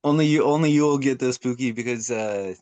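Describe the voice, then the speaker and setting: A man's voice: mid-range voice, brisk, a little mellow, smooth, no echo. A young man chatting casually on a podcast, laid-back and rambling with lots of restarts. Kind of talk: casual chat.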